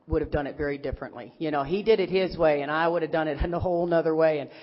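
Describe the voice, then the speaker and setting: A woman's voice: deep voice, very fast. A middle-aged woman from Texas, a speaker at a recovery convention, telling a humorous, rambling personal story and acting out what others said. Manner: animated, rambling, acts out quotes of others. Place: large convention hall. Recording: echoey hall, dull lo-fi sound.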